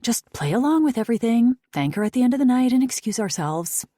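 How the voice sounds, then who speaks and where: A woman's voice: fairly high pitch, very animated, fast talker, mellow, no echo, studio quality, voice pushed up. Woman reading Zoe, a frustrated doctor. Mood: urgent. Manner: frustrated, blunt. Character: exasperated woman doctor, old friend.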